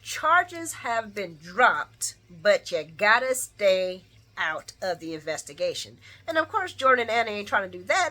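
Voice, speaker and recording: A woman hosting a casual, chatty recap, animated and slangy, who laughs and acts out lines. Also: mid-range voice, unhurried. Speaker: channel host. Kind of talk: casual soap opera recap.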